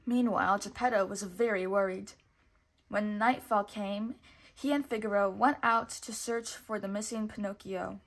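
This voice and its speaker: A woman, a teacher, reading a children's storybook aloud in a clear, expressive way. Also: medium pitch, normal speed. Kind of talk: storybook read-aloud narration.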